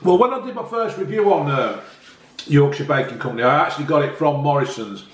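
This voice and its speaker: A man's voice: on the high side, lively intonation, fast talker, reverberant. A man, chatting enthusiastically as a casual food review vlogger, often talking while eating.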